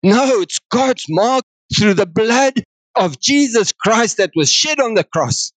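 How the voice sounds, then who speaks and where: High-voiced South African preacher, slow and animated. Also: male voice, dry recording. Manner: animated, acts out God's words, mixes in other languages. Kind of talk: sermon.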